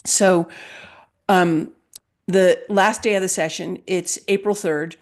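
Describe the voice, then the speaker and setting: A woman with a fairly low voice tells a story in conversation, emphatic and vivid. She acts out quoted dialogue as she goes. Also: fairly even intonation, takes it slowly. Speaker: guest, health freedom advocate.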